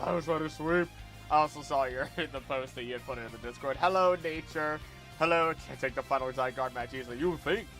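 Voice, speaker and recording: Animated young man greeting his stream. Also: on the high side, moderate pace, faint music behind. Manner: animated, exclaiming, laughing often. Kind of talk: casual live-stream chat.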